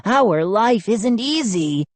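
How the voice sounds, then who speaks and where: A woman voicing a small, pleading male lawn gnome with a raspy voice, speaking slowly and earnestly. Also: mid-range voice, lively intonation, dry recording, pitched above the performer's own voice.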